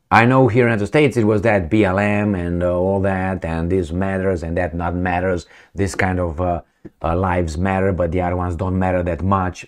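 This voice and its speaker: Blunt middle-aged man, somewhat low voice, rambling vlog commentary full of fillers. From Romania. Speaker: vlogger. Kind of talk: opinion commentary.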